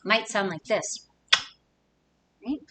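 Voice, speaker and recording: A woman reading a picture book aloud to young children, pausing to ask them playful questions. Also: medium pitch, sharp tone, slight background noise, low-quality recording. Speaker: children's story reader.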